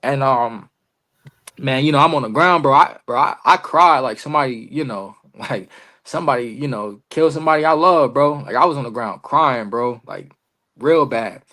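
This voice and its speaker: The wrestler speaks at normal speed in a medium pitch, his voice pushed and bright. Guesting on a podcast for a casual storytelling interview, he talks loose and slangy, dropping "bro" and "you feel me," and plays both parts of past exchanges.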